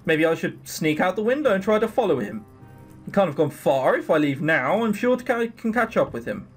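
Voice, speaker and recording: A man's voice: high-pitched, sing-song, a little fast, breathy edge, soft background music, heavily acted. A man voicing a tired, hopeful young servant girl who muses to herself, reading a visual novel game aloud. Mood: musing.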